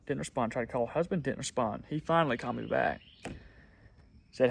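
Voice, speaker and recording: A man's voice: mid-range voice, brisk, gravelly, pauses often. Young man telling a rambling story. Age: young adult. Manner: rambling, repeats words, frequent ums. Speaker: pressure washing business owner. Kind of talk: casual storytelling vlog.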